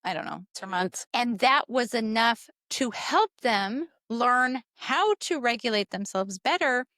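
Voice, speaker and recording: A woman co-hosting a parenting podcast, explaining in a measured way and filling in her partner's points. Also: a little high, lively intonation, pushed and bright, no echo, clean studio sound. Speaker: podcast co-host. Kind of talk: casual conversational podcast.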